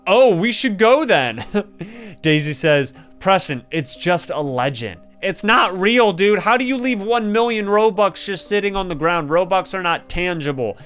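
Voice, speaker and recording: A young man who runs a gaming channel reads in-game story dialogue aloud and reacts excitedly, laughing and gasping often. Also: high voice, measured pace. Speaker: gaming YouTuber. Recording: faint background music.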